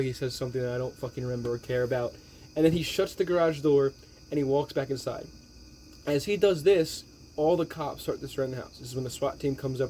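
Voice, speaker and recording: A man's voice: a little high, darkish tone, a little hiss or hum. Profane, exasperated man ranting about a movie. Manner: rambling, exasperated, heavy swearing. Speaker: movie reviewer. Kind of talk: profane movie recap rant.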